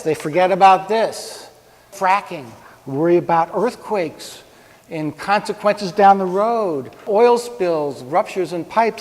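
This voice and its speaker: A man's voice: sits high, lively intonation, slow pace, darkish tone. A man giving an informal, conversational talk on ethics to a live audience, with props and pointing. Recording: long reverb of a hall.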